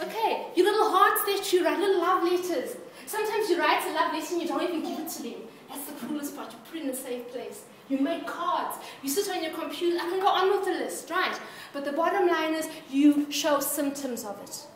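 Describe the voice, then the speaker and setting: Lively woman preacher, high voice, quizzing the congregation, recorded from far off in an echoey church hall. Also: fairly quick, hardly any pauses. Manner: playful, asks the congregation questions, laughs often. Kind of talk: interactive sermon. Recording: echoey hall, distant mic, background hiss.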